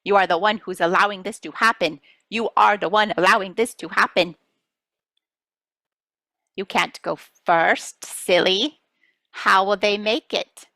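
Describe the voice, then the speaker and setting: Woman channeling star-being collective, playful, teasing, calls listeners children, bright tone, dry close sound. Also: medium pitch, a little slow, gravelly, no echo. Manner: addresses listeners as children, gently scolding. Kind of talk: channeling session.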